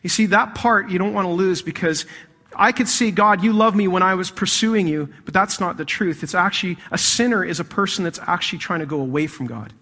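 A man preaching a sermon as pastor, animated, swinging between loud emphasis and hushed intensity. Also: sits high, a little fast, long reverb tail.

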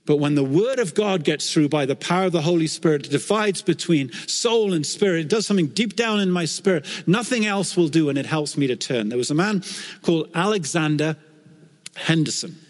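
A man's voice: on the high side, brisk. Man preaching a sermon in a reverberant hall. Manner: storytelling, earnest and animated in quoted scripture. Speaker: pastor.

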